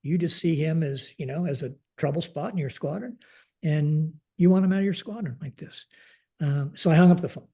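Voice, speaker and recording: Older man, mellow voice, slightly high, animated storytelling, retired general. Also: moderate pace, breathy edge. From United States. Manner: animated retelling with acted-out dialogue, frequent fillers. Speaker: guest, retired Air Force general. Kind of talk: conversational storytelling.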